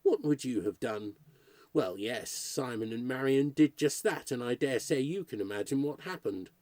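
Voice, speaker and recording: A man reading a short story aloud as narrator, in a lively, expressive storytelling manner. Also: mid-range voice, normal speed, dry recording.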